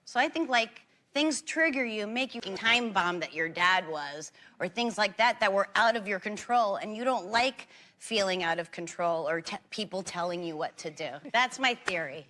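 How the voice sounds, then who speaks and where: A woman's voice: mid-range voice, animated, normal speed, bright, forceful tone. A woman hosting a casual interview, asking teasing, probing questions. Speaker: interview host.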